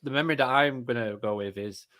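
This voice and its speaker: A podcast co-host from England with a bright, forward voice, chatting casually about his own memories. He tells stories in a slangy, laughing way. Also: mid-range voice, fast. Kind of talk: casual chat.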